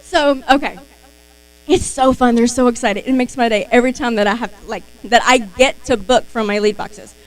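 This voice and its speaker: Lively woman giving sales tips. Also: fairly high pitch, brisk, few pauses, poor audio. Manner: lively, acts out customer dialogues. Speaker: beauty sales consultant. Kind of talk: live-stream sales training talk.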